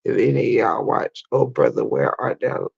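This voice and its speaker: A livestream host with a hoarse, nearly gone voice, half-whispering in a casual late-night chat. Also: medium pitch, very animated, darkish tone, highs cut off. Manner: half-whispering, drawn-out and laid-back.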